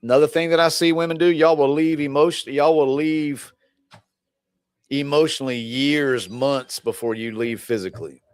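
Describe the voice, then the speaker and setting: A man's voice: on the high side, moderate pace, smooth, dry recording, clean studio sound. A male relationship coach talking casually to his viewers, rambling and often laughing. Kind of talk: casual livestream talk to viewers.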